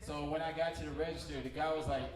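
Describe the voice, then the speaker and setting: A young man doing a stand-up comedy set on a theater stage, telling stories in a casual, slangy way and switching quickly into voices. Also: on the high side, fairly even intonation, crowd noise. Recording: echoey theater from far off. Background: audience and room ambience.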